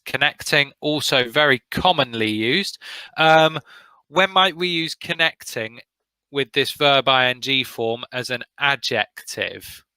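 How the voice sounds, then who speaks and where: British male teacher, slow and encouraging, bright voice, dry sound. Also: medium pitch, smooth, dry recording, poor audio. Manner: encouraging, praises students by name. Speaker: English teacher. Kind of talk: online vocabulary lesson.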